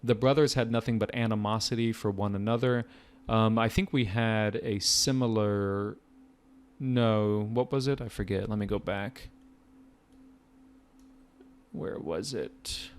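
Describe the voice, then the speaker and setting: An American man teaching a casual vocabulary lesson as a test prep tutor, chatty and relaxed with jokey asides. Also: on the low side, measured pace, long pauses, clear, resonant tone.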